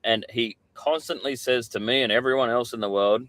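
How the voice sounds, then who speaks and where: A man's voice: mid-range voice, fairly quick, a bit bright, no room sound. A middle-aged Australian man, a podcast guest, telling candid stories in casual chat and swearing freely.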